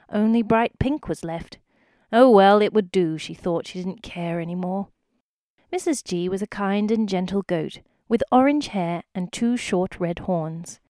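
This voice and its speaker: A woman reads a children's story aloud, bringing life to every sentence with her storytelling. Her voice sits in a middle pitch and is recorded dry and close to the mic. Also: dry recording. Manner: expressive, lively storytelling. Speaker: narrator. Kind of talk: storybook reading.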